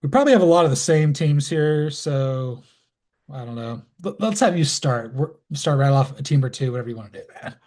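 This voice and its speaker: Male co-host, middle pitch, laid-back sports talk, keeps the show moving. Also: a little fast. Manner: relaxed, self-deprecating, moves the show along. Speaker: podcast co-host. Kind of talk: casual sports chat.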